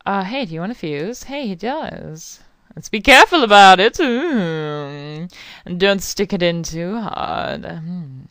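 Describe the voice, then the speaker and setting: A young woman chats her way through a game, rambling, swearing and apologizing. Her voice is smooth and clear, and her pitch leaps around a lot. The sound is close and dry. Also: expressive, takes it slowly, a bit bright, no room sound. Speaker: gaming channel host. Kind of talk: casual let's play commentary.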